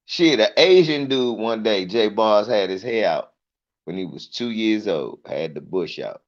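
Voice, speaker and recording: A man telling profane stand-up stories, animated and acting out the people in them. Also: on the low side, unhurried, dull audio. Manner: profane, animated, mimics voices. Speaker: comedian. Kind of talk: stand-up storytelling.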